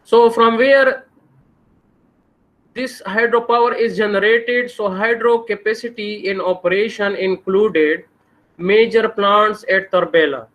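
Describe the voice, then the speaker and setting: A man's voice: high voice, fairly even intonation, unhurried, highs cut off. A man with a Pakistani English accent giving a university engineering lecture, posing questions to the class and answering them himself.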